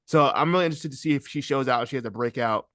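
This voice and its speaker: A man hosting a casual wrestling podcast, talking in an animated way, laughing often and restarting his sentences. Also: medium pitch, rapid-fire, no room sound, clean studio sound. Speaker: podcast host.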